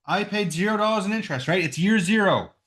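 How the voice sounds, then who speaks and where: Man teaching math over his microphone, fairly high voice. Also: lively intonation, quick pace, a bit bright. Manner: talks through calculations aloud, checking with "right?". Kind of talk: recorded lesson walkthrough. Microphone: computer microphone.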